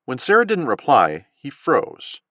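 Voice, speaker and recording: A man narrating an audiobook thriller with an expressive, dramatic reading. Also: mid-range voice, measured pace, no echo, lo-fi sound. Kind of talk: scripted narration.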